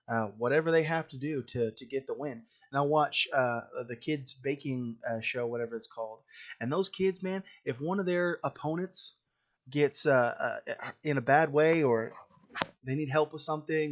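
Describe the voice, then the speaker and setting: A man's voice: mid-range voice, lo-fi sound. A man preaching a sermon in a plain conversational way, with frequent fillers and restarts.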